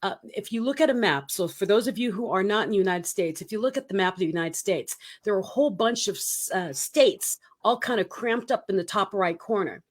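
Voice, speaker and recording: A middle-aged woman from the Philippines hosts an online interview show. She talks with effusive enthusiasm and laughs easily. Her voice sits at an ordinary mid pitch. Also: a little fast, few pauses. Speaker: show host.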